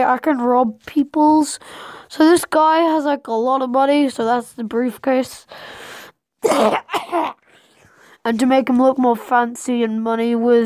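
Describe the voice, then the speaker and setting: A woman's voice: high voice, a little mellow, dry recording. A woman telling a rambling, playful made-up story while drawing, with sudden dramatic outbursts.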